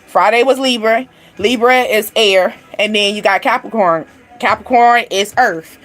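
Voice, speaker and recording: A woman giving a casual, animated tarot reading, laughing often and speaking straight to her viewers. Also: medium pitch, measured pace, soft background music. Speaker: tarot reader. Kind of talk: livestream card reading.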